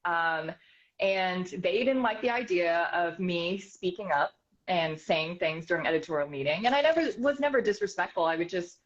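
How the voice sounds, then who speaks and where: A woman from the United States, a news reporter and author, telling an animated story as an interview guest, quick and full of fillers. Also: on the low side. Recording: slightly dull, muffled sound.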